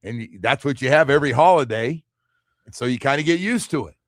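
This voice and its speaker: A middle-aged man hosting a sports talk radio show, chatting casually and telling animated stories with quoted asides. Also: fast talker, no room sound, studio quality. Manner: animated storyteller, drops into low quoted asides.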